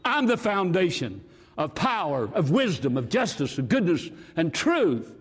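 Older guy preaching in church, husky voice, pitch all over the place, long echo. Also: measured pace. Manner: animated, swings from loud to hushed. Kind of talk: sermon.

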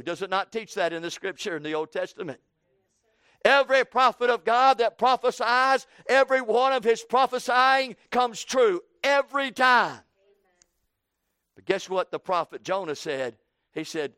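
High-voiced emphatic male preacher. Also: a little slow, pauses often, pushed and bright, smooth, no room sound. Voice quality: emphatic, repetitive rhetorical questions. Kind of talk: evening sermon.

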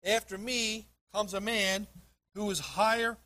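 A man preaching a sermon, reading scripture and explaining it with emphasis, clearing his throat now and then. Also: high voice, steady tone, a little slow, bright, forceful tone. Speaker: pastor.

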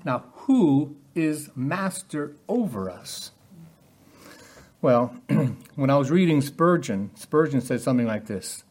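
A man's voice: mid-range voice, animated, a little slow, a little mellow. A man preaching a sermon in a conversational way, often putting rhetorical questions to his listeners.

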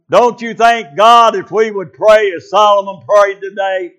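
High-voiced fervent preacher man. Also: fairly even intonation, a little slow, few pauses, fairly bright tone. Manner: fervent, with frequent "uh" fillers and call-outs to the congregation. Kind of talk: sermon.

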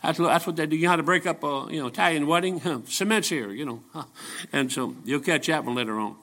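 An older man preaching a folksy, joking sermon full of stories, rising into shouted peaks. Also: on the high side, fast talker.

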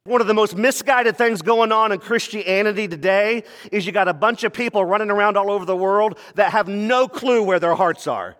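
With a voice pitched fairly high for a man, this pastor preaches energetically, tossing in brief mock voices and playful asides. The audio has a long, hall-like reverb.

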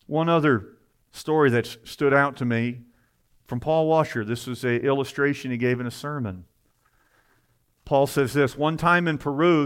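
A man preaching a sermon to a congregation, at times rising to loud, fervent emphasis, with quick asides. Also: mid-range voice.

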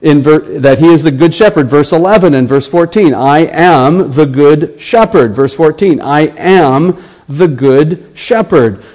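An American man delivers a sermon in an earnest voice that sits a little higher than most men's. He slows right down to let quoted scripture land, then presses on through his explanation. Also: darkish tone, poor audio. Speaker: pastor.

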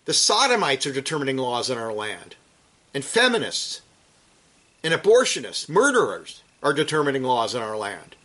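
A man preaching a sermon, teaching from scripture in an emphatic way that rises to forceful peaks and then drops low and quiet. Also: wildly swooping pitch, moderate pace.

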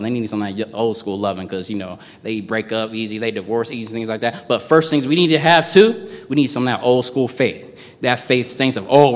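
A man preaching a sermon in a conversational way, moving between low asides and loud, drawn-out emphasis. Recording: long hall reverb.

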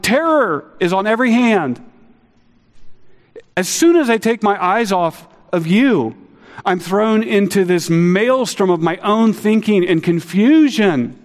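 Middle-aged guy preaching, earnest and lively, a bit high, big church echo. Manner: earnest, animated, acts out quotes with rising pitch. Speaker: pastor. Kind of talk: sermon. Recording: long hall reverb.

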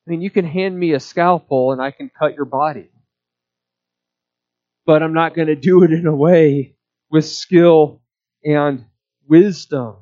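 Slow, deliberate male preacher. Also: on the high side, mellow, highs cut off. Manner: measured teaching delivery, slow and deliberate. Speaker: pastor. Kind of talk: sermon.

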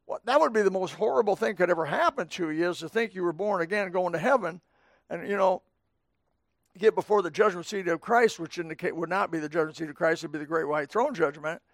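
A man's voice: high-pitched, a little fast, dry recording, studio quality. A middle-aged male pastor preaching a midweek sermon to his congregation, in a folksy, conversational way with asides to the people in front of him. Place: church sanctuary.

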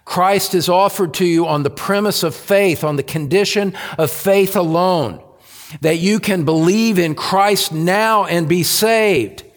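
A male pastor delivers a sermon at an unhurried, measured pace, repeating his key phrases for weight. His voice sits a little high. The sound carries the long reverb of a church hall. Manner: slow, deliberate preaching with emphatic repetition.

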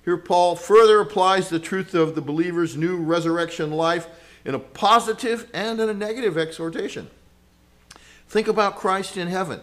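Preaching a sermon at normal speed, a man with a somewhat high voice sounds earnest and conversational. He moves from ringing exclamations to hushed, intimate retellings, slipping in casual asides and little chuckles.

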